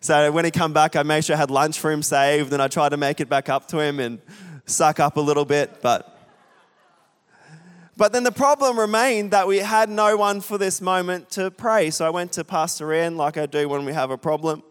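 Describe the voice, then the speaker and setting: A young male pastor preaching to a congregation, talking in a chatty, self-deprecating way and throwing questions out to the room. His voice is smooth and resonant, pitched a little high for a man. It rings with a long reverb through the church hall. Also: moderate pace. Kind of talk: sermon with a storytelling aside.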